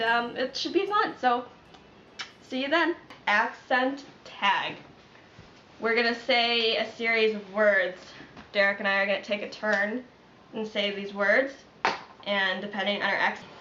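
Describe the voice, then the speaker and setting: A woman's voice: a little high, fairly bright tone, roomy sound. A young woman with a Chicago accent telling stories casually and frankly in a vlog. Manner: chatty, frank, swears freely. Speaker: vlogger.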